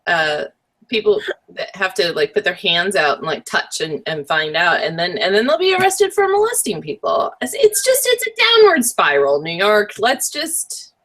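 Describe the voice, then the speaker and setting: A woman co-hosting a casual chat, wry with deadpan asides and trailing restarts. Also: fairly low pitch, moderate pace. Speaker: co-host.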